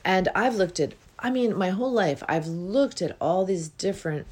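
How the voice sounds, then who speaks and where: Low-voiced woman musing on healing. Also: expressive, a little mellow, husky. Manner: unhurried, reflective, with many ums and yawns. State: yawning. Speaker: spiritual healing coach. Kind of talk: casual spiritual talk.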